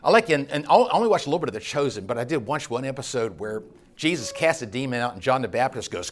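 A man teaching a Bible class in a conversational way, stopping to restart his phrases, then rising with passion and falling quiet again. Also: very animated, quick pace. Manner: passionate, builds up then drops low. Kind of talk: teaching sermon.

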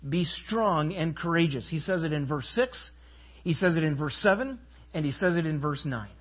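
Husky-voiced man preaching emphatically. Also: fairly high pitch, expressive, moderate pace, dull audio. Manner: emphatic preaching, rhetorical questions to congregation. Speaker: pastor. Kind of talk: sermon.

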